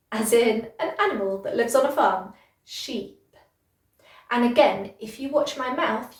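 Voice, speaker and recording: British lady english teacher, slow and careful, bit high voice, roomy sound, mic a little far off. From Britain. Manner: slow, clear, encouraging teacher talk with drawn-out example words. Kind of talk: pronunciation lesson.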